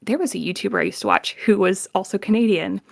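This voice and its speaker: A woman's voice: medium pitch, quick pace, creaky, no room sound, studio quality. A woman voice actor chatting casually as a guest, explaining with examples and laughing easily. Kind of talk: casual chat.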